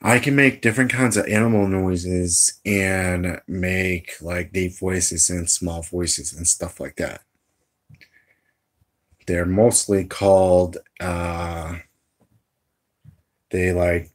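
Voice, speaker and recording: Man, very deep voice, very slow, rambling, lots of fillers, casual vlog. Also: flat delivery. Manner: hesitant, rambling, many fillers. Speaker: amateur voice impressionist.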